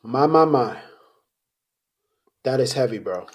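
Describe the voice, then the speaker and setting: Husky-voiced reflective male podcast host. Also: medium pitch, animated, slow. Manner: reflective, thinks aloud with fillers and trailing questions. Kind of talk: casual conversational interview.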